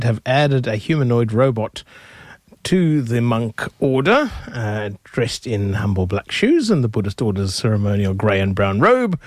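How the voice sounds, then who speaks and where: A man's voice: medium pitch, dry recording, clean studio sound. A man co-hosting a casual tech news podcast, reading out story summaries plainly. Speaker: podcast co-host.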